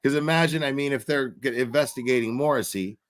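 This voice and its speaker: A man's voice: mid-range voice, brisk. A man hosting a casual livestream with callers, laid-back and swearing freely. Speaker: livestream host.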